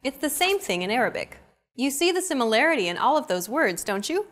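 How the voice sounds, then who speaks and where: A woman's voice: high-pitched, big pitch swings, brisk, a bit bright. A young adult woman hosting a language lesson, with a scripted, upbeat coaching delivery.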